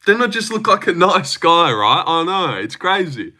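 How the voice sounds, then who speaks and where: Young aussie guy streaming, bright sharp voice, teasing and joking at himself. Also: high voice, very animated, moderate pace. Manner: teasing, self-mocking banter. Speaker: livestream host. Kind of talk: casual livestream chat.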